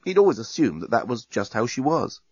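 A man's voice: mid-range voice, big pitch swings, a little fast, husky, no echo, highs cut off. Man narrating a comic story, dry recording. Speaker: audiobook narrator. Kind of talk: scripted narration.

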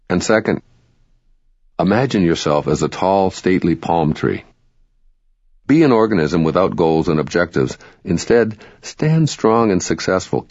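A man reading spiritual self-help narration in a calm, measured, instructive way. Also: low-pitched, dry recording. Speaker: audiobook narrator. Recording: dry, dull lo-fi recording.

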